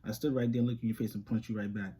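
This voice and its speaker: A young man, telling a story to camera in animated, slangy street talk and laughing often. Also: on the low side, rapid-fire, a little hiss or hum. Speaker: reaction channel host.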